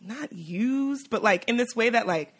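A woman's voice: on the high side, lively intonation, unhurried. A woman co-hosting a podcast, chatting casually, blunt and wry, often trailing off into fillers. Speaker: podcast co-host. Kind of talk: casual chat.

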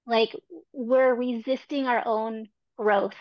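Woman host, encouraging and reflective; slightly high voice, dull dry recording. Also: fairly even intonation, takes it slowly, no echo. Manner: reflective, encouraging, frequent fillers. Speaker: podcast host. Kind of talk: casual interview chat.

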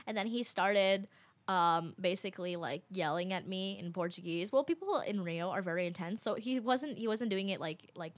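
A young woman casually telling a story, chatty and full of fillers, quoting people with lively voices. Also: mid-range voice, normal speed.

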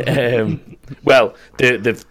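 A man's voice: mid-range voice, very slow, a bit bright. A young man hosting a casual podcast chat, telling rambling stories with lots of laughing and swearing. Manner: rambling, laughing storyteller who swears freely. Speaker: podcast host.

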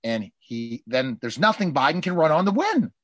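A man hosting a political talk show, arguing emphatically and acting out politicians in quick asides. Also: fairly high pitch, no room sound. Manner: emphatic, animated, mimics politicians in quoted asides. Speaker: show host and journalist.

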